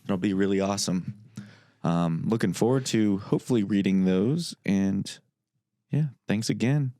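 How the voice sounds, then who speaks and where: A young man co-hosting a podcast in relaxed, slangy casual chat, wrapping up the episode. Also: fairly low pitch, normal speed, no echo, clean studio sound. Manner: laid-back, slangy. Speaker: podcast co-host.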